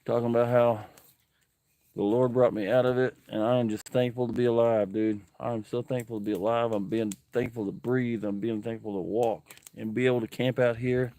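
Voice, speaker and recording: In a casual livestream from an outdoor campsite, a man reads viewers' comments and speaks to them with earnest emotion. He talks a little fast in a mellow, medium-pitched voice that barely moves in pitch.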